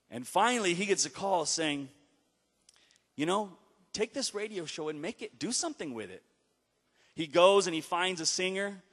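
A fairly high-voiced man preaches through a story, driving points home loudly, then dropping to a hush. His voice hangs in a hall with a long, trailing reverb. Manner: emphatic, swings from loud exhortation to hushed retelling. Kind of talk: storytelling sermon.

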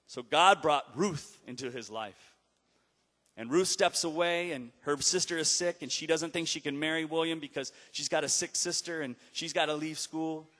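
A fairly high-voiced man preaches through a story, driving points home loudly, then dropping to a hush. His voice hangs in a hall with a long, trailing reverb. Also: moderate pace. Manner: emphatic, swings from loud exhortation to hushed retelling. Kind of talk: storytelling sermon.

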